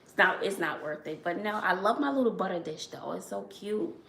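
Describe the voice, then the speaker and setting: A woman from Brooklyn, hosting a casual livestream chat and telling lively stories with frequent laughs. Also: medium pitch, brisk, gravelly, reverberant, slight background noise. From Brooklyn, New York. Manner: animated storyteller, laughs often, says "child". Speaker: channel host.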